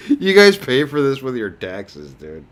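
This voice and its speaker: A man's voice: medium pitch, wildly swooping pitch, unhurried, a bit bright. A man hosting a casual livestream chat, talking in a laid-back way that trails off into mumbles. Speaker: host.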